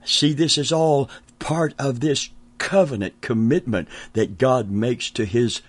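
A man's voice: medium pitch, unhurried, slightly rough, dry recording. An older man preaching a sermon, stressing key phrases by repeating them and chuckling now and then. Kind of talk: sermon teaching.

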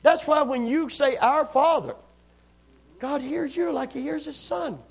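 A man's voice: very high voice, vocal fry. A man preaching a sermon to a church congregation, calling for responses and stretching out key lines for emphasis. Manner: rises to loud, drawn-out emphasis on key lines. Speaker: pastor.

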